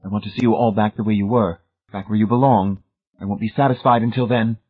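A husky-voiced man voicing a prim, cold, controlling spinster who speaks calmly and matter-of-factly, recorded with a tinny phone-like sound. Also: fairly low pitch, a little fast. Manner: calm, matter-of-fact, quietly proud.

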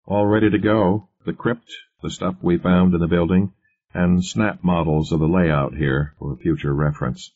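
A man's voice: low-pitched, steady tone, normal speed, a little mellow. A man voicing a male construction foreman who reports in a plain, businesslike way. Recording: muffled lo-fi recording.

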